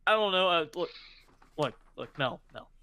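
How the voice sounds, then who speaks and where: A man's voice: fairly high pitch, animated, moderate pace, sharp tone, a little hiss or hum, voice pushed up. A man voicing an overconfident, bumbling male adventurer who stammers yet acts cocky.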